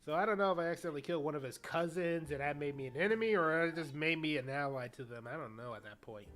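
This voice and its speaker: A man's voice: a little high, fast talker, fairly bright tone. A man streaming a game, chatting casually and cracking jokes while he reads dialogue aloud. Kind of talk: casual game playthrough chat.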